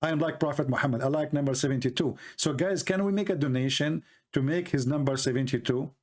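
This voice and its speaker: A man's voice: on the high side, fast talker, a little mellow. A man from the Middle East with an Arabic accent, talking in a mocking, ironic monologue full of rambling asides. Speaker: online commentator. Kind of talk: sarcastic monologue.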